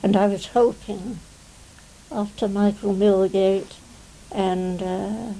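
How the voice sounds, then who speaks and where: A woman's voice: medium pitch, flat delivery, takes it slowly, mellow, poor audio. An English woman in her nineties, a retired stage actress reminiscing in a television interview, rambling and often adding "you see". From England. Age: 90s.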